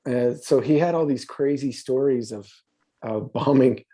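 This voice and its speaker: A man in his fifties, appearing as a podcast guest, tells stories in a rambling, profane, casual way, full of fillers and restarts. His voice is medium in pitch, a little slow, and mellow.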